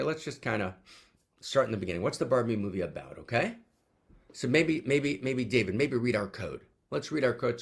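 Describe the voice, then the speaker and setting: A man hosting a teaching talk, rallying his group with repeated questions and swinging between loud calls and quiet asides. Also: medium pitch, vocal fry. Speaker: host and teacher.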